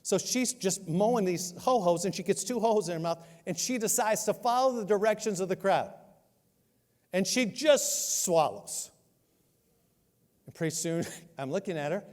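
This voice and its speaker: A man in his sixties preaching a sermon, telling a funny story with self-mocking humor and animated delivery. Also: sits high, moderate pace. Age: 60s. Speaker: pastor. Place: church sanctuary. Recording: long hall reverb.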